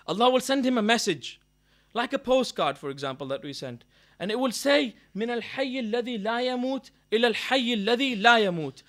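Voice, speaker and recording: Preacher guy with a high bright voice, gets loud then quiet, throws in arabic verses. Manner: impassioned, swings between loud declaiming and quiet storytelling. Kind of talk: sermon. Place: mosque gathering hall.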